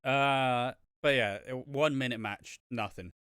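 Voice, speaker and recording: A man's voice: medium pitch, measured pace, a bit bright, clean tone, dry recording, studio quality. A man co-hosting a wrestling podcast in casual, profane chat, joking and slipping into silly impressions. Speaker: podcast co-host.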